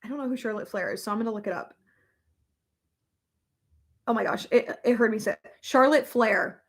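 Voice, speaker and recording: A young adult woman chatting casually as a vlogger, reading comments aloud, emotional and quick to laugh, with many fillers. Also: medium pitch. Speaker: vlogger reading live chat. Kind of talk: casual chat.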